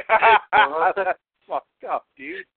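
Slow-talking joking radio co-host, a man. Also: high-pitched, big pitch swings, gravelly, dry recording. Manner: reactive, joking, laughing. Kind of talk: casual banter. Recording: tinny phone-like radio audio with faint hiss.

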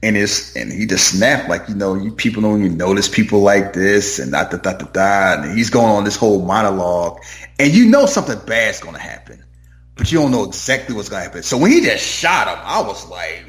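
A man's voice: lowish voice, very animated, a little fast, fairly bright tone. A man in casual chat about a movie, rambling and opinionated with lots of fillers. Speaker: movie podcast co-host. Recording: roomy echo.

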